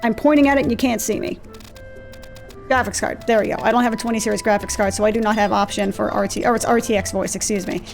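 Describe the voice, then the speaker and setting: A woman's voice: fairly high pitch, fairly even intonation, fast talker, creaky. A woman hosting a let's play, chatting casually and self-deprecatingly while she plays, easily sidetracked, recorded on a desk mic. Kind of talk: casual gameplay commentary. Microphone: desk mic with gain turned down in software. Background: faint game music and clicky mechanical keyboard.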